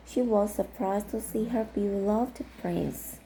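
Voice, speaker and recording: A native Korean woman reads a fairy tale aloud in a careful, steady way. Her voice is very dark and mellow, with a gravelly edge. The pitch sits in the middle. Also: slow pace, slight background noise, low-quality recording. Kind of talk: storybook read-aloud.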